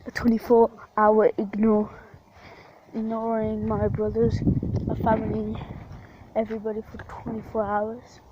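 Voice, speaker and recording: Woman from Portugal, vlogger, defiant rambling delivery with casual swearing; slightly high voice, dull lo-fi outdoor night recording. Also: monotone, unhurried, background noise. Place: outdoors at night during fireworks.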